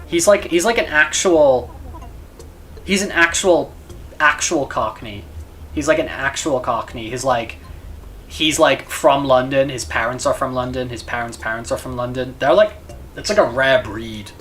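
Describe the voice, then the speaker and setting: A man talks loosely to his live-stream viewers, trailing off and stumbling over repeated words as he thinks aloud. His voice sits at an everyday middle pitch. A faint hiss of noise runs behind him. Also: fairly bright tone. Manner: rambling, stammering, repeats words; chats with viewers between game moments. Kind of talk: casual live-stream chat.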